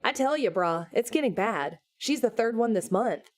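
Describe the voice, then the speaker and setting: A woman reading an audiobook voices a relaxed young male chauffeur in a Hawaiian pidgin accent, with slangy easygoing patter. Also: on the high side, normal speed. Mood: chatty. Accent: Hawaiian pidgin, put on. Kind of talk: audiobook character voice.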